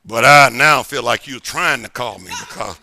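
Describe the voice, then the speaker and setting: A middle-aged man pastor preaching a sermon in a church service, emphatic and repetitive, swinging between sudden shouts and quiet asides. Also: medium pitch, normal speed, gravelly. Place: church sanctuary during a service.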